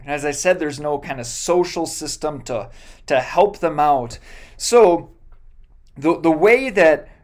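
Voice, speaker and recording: A pastor giving a sermon, retelling a Bible story in a casual, joking way with many fillers and self-corrections. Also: mid-range voice.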